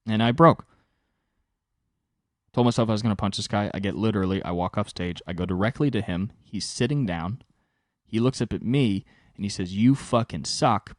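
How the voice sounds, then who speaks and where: A young man hosting his own podcast, telling a rambling story in casual, profane storytelling with sudden jumps in pitch for emphasis. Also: no echo, studio quality. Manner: animated, swears freely, pitch jumps high for emphasis. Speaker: podcast host and stand-up comic.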